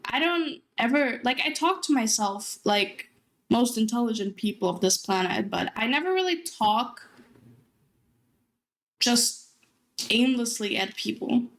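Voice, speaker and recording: A young woman streamer talks to her chat in a casual, rambling way, her voice on the high side. She is near tears, drops swear words, and breaks into short laughs. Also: fairly bright tone. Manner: emotional, teary, swearing.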